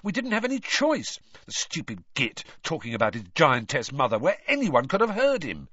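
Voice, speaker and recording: A man giving voice to a blunt, indignant teenage boy, his pitch pushed well up and lively. The dry, slightly dull recording has no room sound. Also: moderate pace, slightly rough, dry recording, exaggerated voice.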